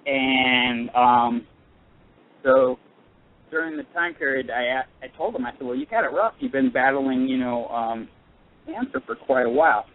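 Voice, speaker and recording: A male caller tells a personal story on a radio call-in show, earnest and halting, full of pauses and restarts. His voice sits in an ordinary middle pitch. It comes through a narrow, tinny phone line. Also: animated.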